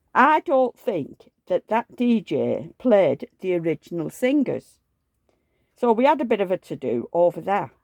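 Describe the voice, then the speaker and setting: A woman's voice: medium pitch, dry recording, clean studio sound. An older woman, rambling through a casual story about an argument and losing her train of thought. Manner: rambling, forgetful, animated retelling of arguments. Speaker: doll collector vlogger.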